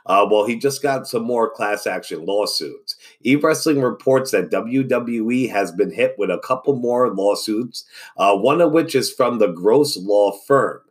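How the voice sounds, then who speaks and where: Man, podcast host, casual news read, husky, low-pitched, stumbles over words. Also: lively intonation, a little slow.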